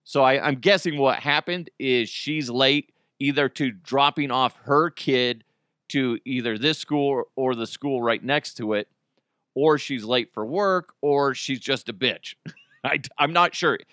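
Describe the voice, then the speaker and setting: Bright-voiced, profane male podcast host. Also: medium pitch, measured pace, smooth, no echo, studio quality. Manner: animated and profane, voice jumping up in outbursts. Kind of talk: casual storytelling chat. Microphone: close studio microphone.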